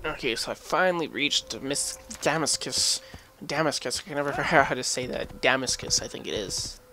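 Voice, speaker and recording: A man's voice: mid-range voice, expressive, fast. A man giving casual, rambling commentary while playing a video game, chuckling and talking back at the game. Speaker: gameplay commentator. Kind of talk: casual let's-play commentary. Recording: voice over loud game music. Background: game music.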